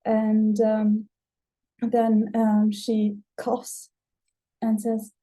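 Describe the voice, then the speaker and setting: A woman narrating her turn in a tabletop role-playing game, unhurried and full of fillers. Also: fairly high pitch, monotone, warm tone, low-quality recording. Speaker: player.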